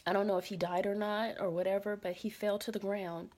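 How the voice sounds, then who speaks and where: Speaking briskly at a medium pitch, a woman recounts a scary dream in casual storytelling. She is animated and dramatic, repeats phrases, fills in with lots of fillers, and whispers the quoted lines.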